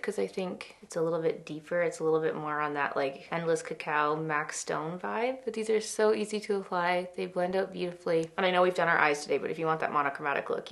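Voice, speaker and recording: Young female beauty vlogger, gushing and chatty, with a creaky voice, talking through her makeup at home. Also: on the low side. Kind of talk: casual makeup tutorial chat.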